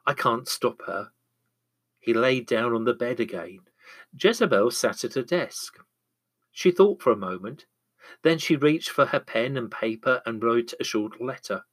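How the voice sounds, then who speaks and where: A man reading a bible story aloud in a steady storybook manner. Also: medium pitch. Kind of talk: scripted narration of a bible story.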